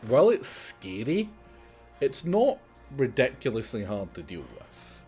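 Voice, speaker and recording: Low-pitched male streamer, chatty and exasperated, game music faintly under the voice. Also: huge pitch swings, a little slow, warm tone. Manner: chatty, exasperated, explains tactics at length. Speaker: streamer playing a survival game. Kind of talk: casual gameplay commentary.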